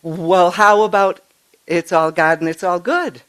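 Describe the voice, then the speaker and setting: An older woman minister giving a conversational sermon, telling stories in an animated way and often stumbling over and restarting her words. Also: lowish voice, a little slow. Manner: chatty, animated storytelling with frequent restarts. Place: church sanctuary.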